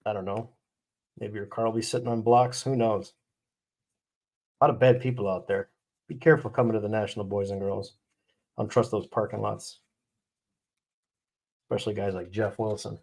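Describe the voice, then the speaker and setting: A man's voice: mid-range voice, darkish tone. A fired-up man hosting a casual live stream, ranting bluntly and talking to his chat.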